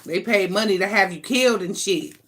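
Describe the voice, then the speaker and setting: A woman's voice: mid-range voice, brisk, fairly bright tone. A woman giving a casual spiritual card reading to her viewers, blunt and profane, talking in emphatic, sassy bursts and thinking aloud between them. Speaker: tarot card reader.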